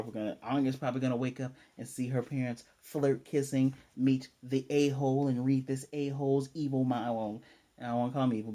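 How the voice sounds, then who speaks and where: Animated, chatty male anime reviewer. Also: mid-range voice. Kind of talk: casual chat.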